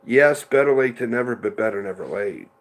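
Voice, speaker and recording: A man's voice: fairly low pitch, big pitch swings, a little fast. A middle-aged man hosting a casual livestream, chatting rambly and answering viewers by name. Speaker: livestream host reading chat.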